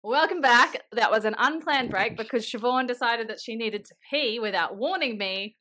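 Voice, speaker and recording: A woman co-hosting a casual podcast over a video call, expressive and quick to swing between loud and soft. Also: a little high. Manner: expressive, quick swings in loudness, laughs easily. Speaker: podcast co-host. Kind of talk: casual chat.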